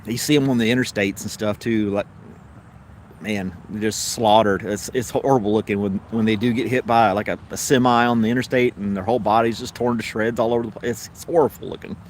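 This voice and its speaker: A man's voice: fairly low pitch, steady tone, a little fast, slight background noise. A middle-aged man with a Southern American accent hosts a casual live stream, chatting with viewers and telling long anecdotes full of fillers and restarts. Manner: rambling storyteller with many fillers and self-corrections; laughs easily while telling stories.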